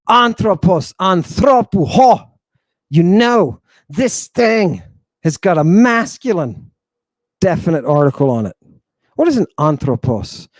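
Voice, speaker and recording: A man's voice: fairly high pitch, dry recording. A man teaching an Ancient Greek lesson in a theatrical, teasing drill-sergeant manner. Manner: animated, teasing.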